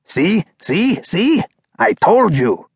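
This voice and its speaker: A man's voice: a little high, slow pace, dry recording, studio quality, voice pushed up, full character voice. A man doing a boastful know-it-all dog. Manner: excited, boastful.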